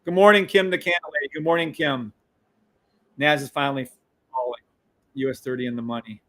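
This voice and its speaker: A middle-aged man streaming live trades, hyped up, yelling and swearing, repeating hype phrases over and over. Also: mid-range voice, steady tone, brisk, dry recording, rough recording. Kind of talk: live-stream trading commentary.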